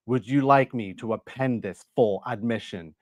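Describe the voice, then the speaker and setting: A man's voice: mid-range voice, moderate pace, no echo, studio quality, lightly acted. A man reading aloud an AI chatbot's answers, cast as a demon making a solemn confession.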